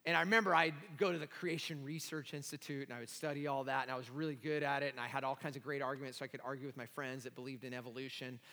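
A man pastor preaching an animated, self-deprecating sermon with many restarts in a church hall. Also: mid-range voice, rapid-fire, hardly any pauses.

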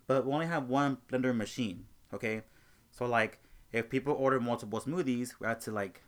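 A young man hosting a casual talk show, telling an animated story about a rude customer and acting out both sides of the argument. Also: mid-range voice. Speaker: host.

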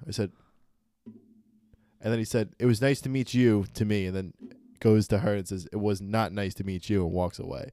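A young man co-hosting a podcast, telling a story in lively casual chat with swearing. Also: fairly low pitch, brisk, no room sound, clean studio sound. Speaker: podcast co-host.

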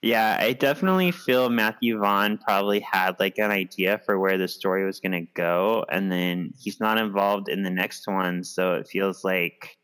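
A man co-hosting a movie podcast, calmly explaining his opinions in casual chat. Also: sits low, normal speed, hardly any pauses, smooth. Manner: thoughtful, explains his views with many "like"s. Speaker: podcast co-host.

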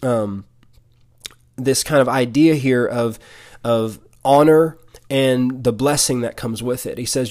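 A man's voice: mid-range voice, steady tone, a little slow, a little mellow. Earnest man preaching with many restarts. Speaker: podcast preacher. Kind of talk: Bible teaching.

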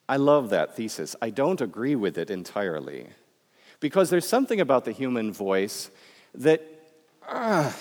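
A man's voice: mid-range voice, darkish tone, big-room sound. A man from Michigan with a Midwestern American accent, giving a public talk in a conversational, joking way and speaking straight to the audience. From Michigan, USA.

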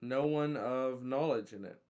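A man's voice: medium pitch, unhurried, darkish tone. A man chatting as a guest on a casual podcast, joking around and playing up silly bits. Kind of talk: casual chat.

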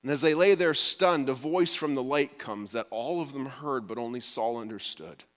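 A man's voice: medium pitch, moderate pace. Man preaching in an echoing hall. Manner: storytelling, drops to hushed quiet for quotes. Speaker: pastor. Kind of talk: sermon.

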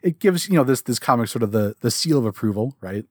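A man in casual podcast chat who circles his point with fillers and false starts. His voice sits at an ordinary middle pitch. The sound is dry and close. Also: lively intonation, fast talker, a little mellow, dry recording. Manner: rambling, lots of fillers and restarts. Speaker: podcast co-host.

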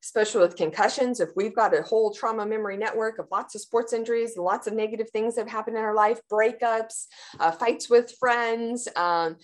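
A woman who works as a trauma therapist for athletes, answering interview questions in an animated way and acting out panicked inner voices with gasps. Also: fairly high pitch, brisk.

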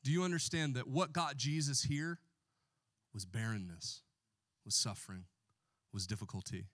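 A man's voice: medium pitch, normal speed, a bit bright, no echo, studio quality. A man preaching a sermon as pastor in a church, joking with the congregation and calling for responses.

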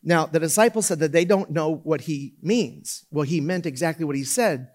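A man's voice: a little high, expressive, moderate pace, darkish tone. A man preaching a casual, conversational sermon in a loose style, full of fillers and restarts. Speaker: pastor.

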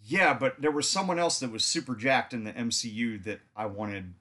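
A man's voice: medium pitch, moderate pace, bright, forceful tone. A man co-hosting a podcast, joking around and swearing freely in casual chat.

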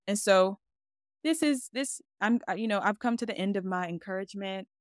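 Expressive woman podcast host, casual faith talk, mid-range voice, close and dry. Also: mid-range voice, quick pace, no echo. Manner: casual, chatty and expressive, acting out her own quoted words.

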